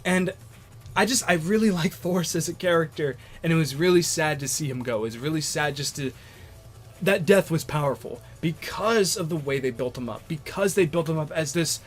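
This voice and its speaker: Young man, anime reviewer, excitable, rambling, fillers and restarts, slightly high voice. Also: moderate pace, soft background music. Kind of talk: casual video commentary.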